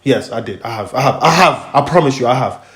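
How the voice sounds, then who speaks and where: A man's voice: mid-range voice, fairly quick. Young man telling stories in an echoey room. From Congo, raised in America, now UK. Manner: rambling and animated, acts out voices, heavy slang fillers. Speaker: host. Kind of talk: casual storytelling chat.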